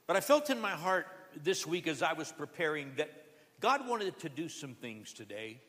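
A male pastor preaches in an earnest sermon, now and then acting out a beggar's pleading. His voice is bright and forceful. The sound carries a long church-hall reverb. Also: on the high side, animated, moderate pace. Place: church sanctuary.

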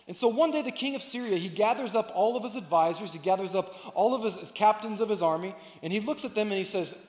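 A man's voice: high voice, fast talker, few pauses, darkish tone. A male pastor preaching a sermon, earnest and repeating phrases for emphasis. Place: church sanctuary. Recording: echoey hall.

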